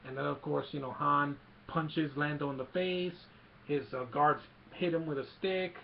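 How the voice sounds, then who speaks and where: A man's voice: on the high side, steady tone, normal speed, vocal fry, dull audio, a little hiss or hum. A man casually retelling a movie scene by scene, rambling with many fillers. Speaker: film recap vlogger.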